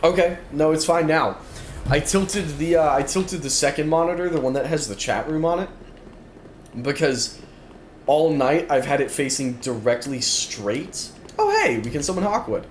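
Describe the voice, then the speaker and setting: A man's voice: a little high, moderate pace. A tired, yawning man streaming a game, chatting casually and self-deprecatingly, repeating his phrases as he plays at his desk. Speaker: gaming streamer. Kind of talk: casual let's-play commentary. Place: room at a gaming desk with monitors. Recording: roomy sound with background noise.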